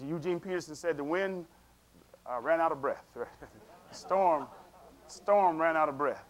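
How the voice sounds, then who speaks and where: High-voiced male preacher, loose conversational sermon delivery. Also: measured pace, pauses often. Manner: conversational, chuckling asides, repeats words, checks in with congregation.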